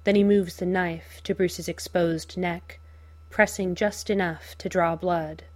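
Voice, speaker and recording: A woman reads a story aloud in an unhurried, measured way. Her voice sits a little low, and she lets every line land slowly. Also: fairly even intonation. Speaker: narrator. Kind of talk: audiobook reading of fan fiction.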